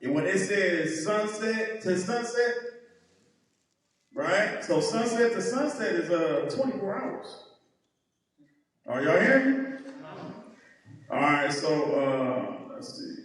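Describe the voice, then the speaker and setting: A man's voice: high-pitched, expressive, slow pace, long pauses, a bit bright. A man teaching a heated Bible lesson, emphatic and mocking, often tagging his points with "right?". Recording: echoey hall, mic far off.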